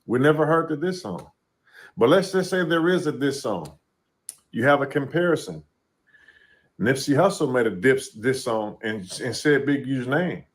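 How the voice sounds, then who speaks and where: A man's voice: medium pitch, expressive, moderate pace. Laid-back man talking casually. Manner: laid-back, conversational, says "you know what I'm saying". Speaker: podcast commentator. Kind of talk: casual podcast commentary.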